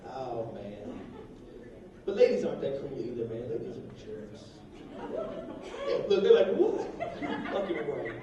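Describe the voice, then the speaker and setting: A man's voice: medium pitch, sing-song, a little slow, pauses often, distant mic, lo-fi sound. A man doing a brash, profane stand-up set on a comedy club stage, baiting the crowd. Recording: echoey live club, mic heard from afar, crowd laughter.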